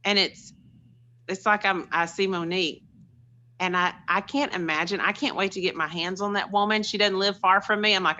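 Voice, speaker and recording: A woman's voice: mid-range voice, fairly even intonation, moderate pace, sharp tone. Chatty woman on a muffled call. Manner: chatty, storytelling, earnest. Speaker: call participant. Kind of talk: casual sharing on a group call.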